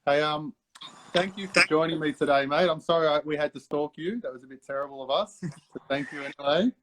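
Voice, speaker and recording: An older Australian man hosting a casual live interview over a video call, friendly and quick to laugh, calling his guest mate. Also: a little high, a bit bright, slight background noise. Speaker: host.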